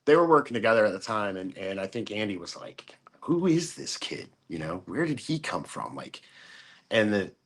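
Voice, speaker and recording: A man's voice: on the low side, fairly bright tone. A man talking as a podcast guest in casual chat, rambling with many fillers and acting out quotes of others.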